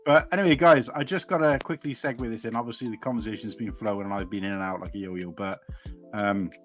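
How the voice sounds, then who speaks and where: A man's voice: on the low side, fairly even intonation, fast, fairly bright tone, faint music behind. A man hosting a casual live stream chat, breaking in with announcements in a chatty, apologetic way. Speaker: podcast host running the stream.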